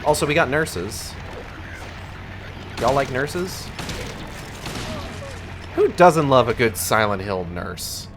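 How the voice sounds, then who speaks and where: A man's voice: medium pitch, lively intonation, slow, pauses often, noisy background. A man streaming a video game live, chatting casually and swearing as he plays, thinking aloud with plenty of fillers. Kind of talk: live gameplay commentary.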